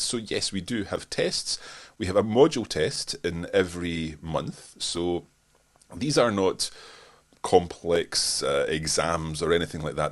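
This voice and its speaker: Scottish guy, deep voice, blocked-up nose, answering webinar questions, lots of um and restarts. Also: fairly bright tone. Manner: hesitant, many restarts and fillers. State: congested, stuffed-up nose. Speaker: course presenter answering viewer questions. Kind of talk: live webinar Q&A.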